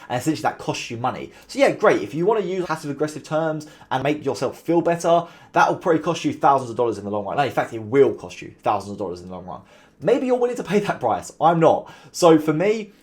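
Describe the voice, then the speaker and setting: A man talking straight to camera, giving business advice in a casual, animated way and mimicking sarcastic tones to make his points. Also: medium pitch. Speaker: call center founder giving business advice.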